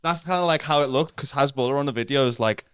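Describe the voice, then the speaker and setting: A man's voice: mid-range voice, quick pace, fairly bright tone, clear, resonant tone, dry recording, studio quality. A man co-hosting a comedy debate show, rambling through crude jokes and stories and swearing freely. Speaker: co-host.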